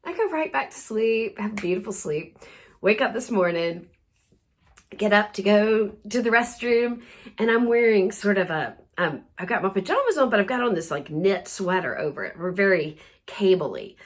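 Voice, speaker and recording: A woman's voice: mid-range voice, expressive, normal speed. A woman hosting a wellness podcast, telling a funny story in a casual monologue and laughing often as she talks. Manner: soft and soothing in a gentle wrap-up.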